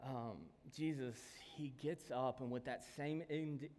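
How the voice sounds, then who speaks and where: A man preaching a sermon, telling stories and swinging from calm talk to sudden shouts. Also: medium pitch, unhurried, slight background noise. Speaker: pastor. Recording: long hall reverb.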